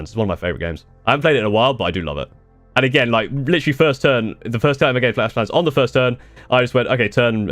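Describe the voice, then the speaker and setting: A man's voice: lowish voice, fairly bright tone, no echo. A young man chatting casually on a live stream, answering viewer questions in a rambling way with restarts and the odd swear. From United Kingdom.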